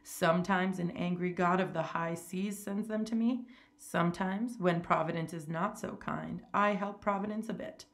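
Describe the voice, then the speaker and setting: A woman reading a story aloud, voicing a suave, cruel older male aristocrat with a smooth, amused, condescending manner. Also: fairly low pitch, steady tone, moderate pace, roomy sound, close to an everyday voice.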